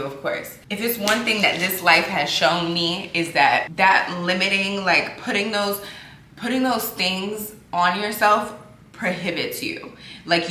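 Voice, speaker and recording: A sleepy, tired woman vlogger talks casually and candidly to her viewers, chatting freely in a fairly low voice with a sharp tone. The recording has a roomy echo and faint background noise.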